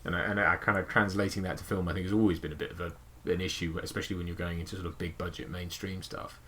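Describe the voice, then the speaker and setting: A man's voice: low voice, level tone, quick pace, sharp tone, slightly rough. A man co-hosting a casual film podcast, rambling and correcting himself as he talks movies. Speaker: podcast co-host.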